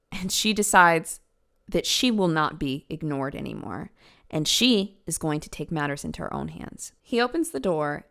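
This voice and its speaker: A woman's voice: low-pitched, creaky, fairly bright tone, clear, resonant tone. A woman hosting a true crime podcast, telling the case in a casual, chatty way with asides to the listener.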